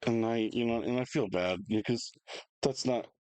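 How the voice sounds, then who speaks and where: A man, co-hosting a casual chat, telling an animated, rambling story with restarts and laughs. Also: mid-range voice, normal speed, clean tone, no echo, rough recording. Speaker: podcast co-host.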